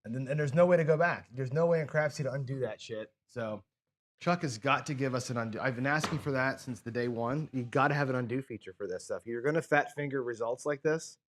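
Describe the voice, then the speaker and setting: Speaking a little fast at medium pitch, this craps show host runs a live stream in a casual, chatty way. Annoyed with himself, he curses and berates his own errors with self-deprecating frustration.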